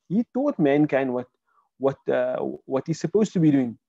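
A man's voice: mid-range voice, very animated, measured pace, dark tone, no room sound, dull audio. A man teaching a Quran Arabic lesson online, explaining word by word and asking his students questions. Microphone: video call.

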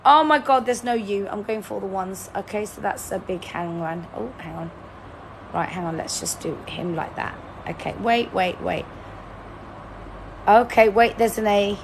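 A woman's voice: medium pitch, moderate pace, gravelly, slight background noise. A woman, hosting a live-stream word-guessing game in a chatty, teasing, playfully dramatic way. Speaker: livestream host.

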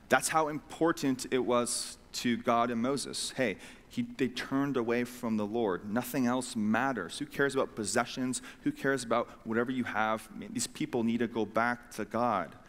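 A man preaching a sermon as pastor, retelling scripture in a casual, animated way with lively voiced asides. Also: medium pitch. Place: church sanctuary. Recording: long hall reverb.

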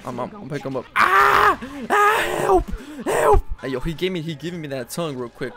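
A young man giving slangy, hyped gameplay commentary as a gaming YouTuber, shouting when things go wrong. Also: medium pitch, racing, crowd noise.

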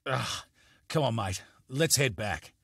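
A man voicing a rough-talking, impatient male country police officer who swears bluntly, for an audiobook. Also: mid-range voice, lively intonation, slow, a bit bright, no room sound, studio quality, exaggerated voice. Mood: gruff. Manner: coarse, blunt, swears freely. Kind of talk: audiobook character voice.

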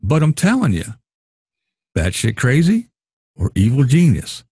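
A man's voice: mid-range voice, unhurried, slightly rough, no room sound, clean studio sound. A man hosting a casual commentary chat about a reality show, acting out the lines of people on the show as he talks. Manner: animated, acts out houseguests' lines. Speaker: show host.

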